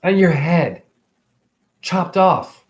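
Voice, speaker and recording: A man holding a rambling, emotional spiritual monologue as host of his own stream, preaching at times and dropping into hushed whispers. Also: sits high, very slow. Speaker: livestream host.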